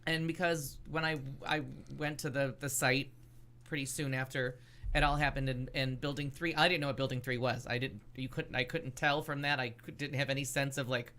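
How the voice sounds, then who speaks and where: A woman from the United States hosting a casual talk show, her voice bright and clear-edged. She tells stories in a rambling way, stopping and restarting her sentences as she goes. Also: a bass voice, steady tone. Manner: rambling, halting storytelling with many restarts. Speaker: podcast host. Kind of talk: casual chat.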